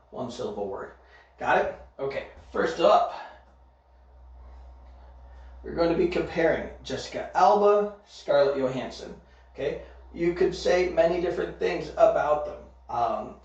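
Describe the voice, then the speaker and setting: Slow, echoey man teaching grammar. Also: a little high. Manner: slow, deliberate, checks in with "okay?". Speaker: English teacher. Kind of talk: recorded online grammar lesson. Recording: very echoey room, distant mic, dull sound.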